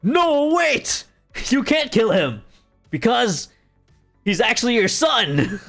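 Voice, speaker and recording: A man's voice: medium pitch, moderate pace, a bit bright, soft background music, close to an everyday voice. A man voicing an old banished lord in a retold play, pleading urgently and then owning up to his deeds.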